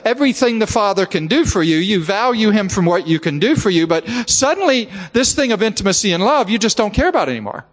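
A man's voice: sits high, lively intonation, quick pace, hardly any pauses, long reverb tail. A man preaching a sermon, telling a heartfelt personal story and often repeating the word "just.".

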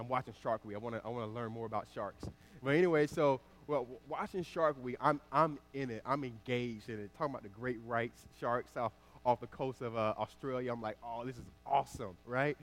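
A male pastor, perhaps in his thirties, preaching a sermon that moves between loud emphatic passages and a quiet, chatty personal story. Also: medium pitch.

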